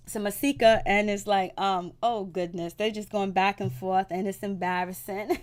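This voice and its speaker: A woman in a relaxed home recording, talking through a reality-show episode like she's catching up a friend. Her delivery is chatty and loose, sprinkled with slang and playful asides, at an ordinary mid pitch. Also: moderate pace. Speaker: TV recap host. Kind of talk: casual chat recapping a reality show.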